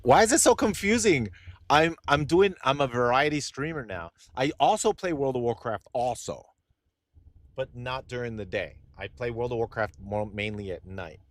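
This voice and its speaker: A man's voice: mid-range voice, normal speed, dry recording. Young guy streamer hyped talking to chat, rambly, dry close sound. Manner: excitable, rambling, talks straight to chat. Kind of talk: casual live-stream chat.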